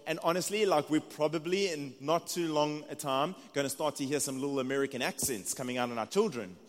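A man in his thirties with a South African accent, preaching a sermon in a conversational, earnest way. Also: fairly high pitch. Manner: conversational, earnest, with restarts and asides. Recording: long reverb of a large hall.

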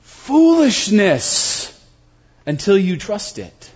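A man preaching a sermon to his congregation, swinging between loud emphasis and near-whispers. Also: high voice, big pitch swings, measured pace. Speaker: pastor. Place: church sanctuary. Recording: muffled sound in a large reverberant hall.

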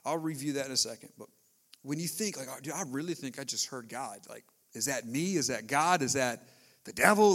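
A man in his thirties preaching a sermon as a pastor, telling a story in an animated, casual way with slang. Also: mid-range voice, fairly quick.

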